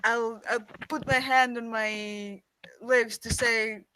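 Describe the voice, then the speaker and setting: A woman's voice: on the high side, fairly even intonation, slow, sharp tone, clean tone, no room sound, low-quality recording. A woman playing a tabletop game, giggly and blunt, swearing casually. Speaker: player. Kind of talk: casual tabletop role-play.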